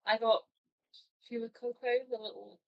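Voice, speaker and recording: A woman at a tabletop game, chatting in an excitable, gushing way. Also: a little high, measured pace, vocal fry, muffled recording. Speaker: player. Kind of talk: casual tabletop game chat.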